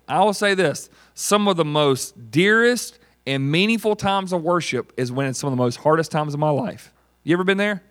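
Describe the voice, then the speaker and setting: A man's voice: a little high, expressive, moderate pace, fairly bright tone. A man preaching a conversational sermon, acting out the voices he quotes. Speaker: pastor.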